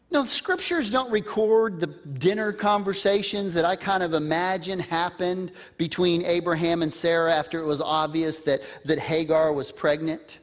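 A man's voice: sits high, moderate pace. A man preaching a sermon in a conversational way, putting questions to the listeners. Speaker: pastor.

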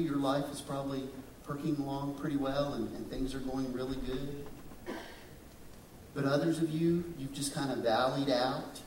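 A pastor with a mid-range voice preaches in a church sanctuary, dramatic and questioning, putting on voices for those he quotes and addressing questions to the congregation. It's recorded with a distant mic in an echoey room, with a little hiss or hum.

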